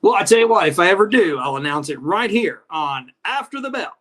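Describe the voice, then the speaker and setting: Rich: A man who used to wrestle tells rambling, profane stories at a rapid clip. His voice sits slightly high for a man. He speaks as a guest in a relaxed chat. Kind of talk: casual chat.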